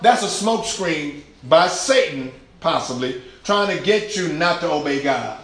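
A man preaching a sermon in a church, lively and conversational, acting out quotes and laughing along with the congregation. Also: on the high side, normal speed. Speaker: pastor. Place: large church sanctuary. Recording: echoey church room.

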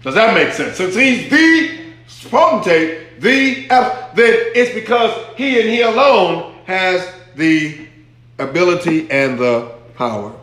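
In a very echoey hall, a pastor with a high, fairly bright voice and lively intonation takes his time delivering a teaching sermon. He emphatically repeats key phrases and draws answers from the congregation in call-and-response fashion.

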